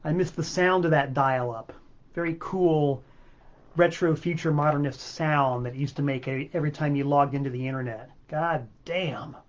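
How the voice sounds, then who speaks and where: A man's voice: a little high, normal speed, lo-fi sound. A man hosting his own music livestream from a home studio, ranting with exasperated, sarcastic swearing. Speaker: host of a music livestream show. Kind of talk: livestream rant. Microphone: webcam mic.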